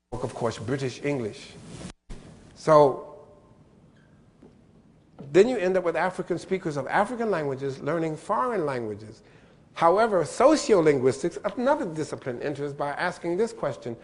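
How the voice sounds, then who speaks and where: Male keynote speaker, lively lecture delivery, pitch leaps up and down, playful mimicry, fairly high voice. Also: big-room sound. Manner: animated, playful, spells out letters and mimics pronunciations.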